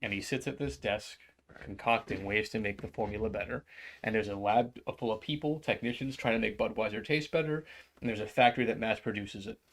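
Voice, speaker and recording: A man co-hosting a casual comedy podcast, animated and swearing a lot, acting out little skits with quoted voices. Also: fairly low pitch, brisk, a little hiss or hum. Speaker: podcast co-host.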